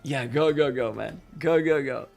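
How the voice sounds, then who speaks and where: A man's voice: medium pitch, moderate pace, gravelly, soft background music. A man hosting a live esports stream, talking energetically and hyping up his viewers and guests. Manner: energetic, hypes the chat. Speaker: host. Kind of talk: esports stream host chat.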